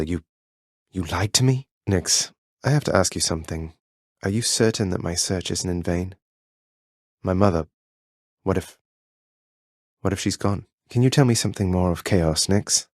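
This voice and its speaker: Male actor playing an earnest, wry young underworld prince in a game; low voice, dry close studio read. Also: darkish tone, dry recording, lightly acted. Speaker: game protagonist. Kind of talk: game voice lines.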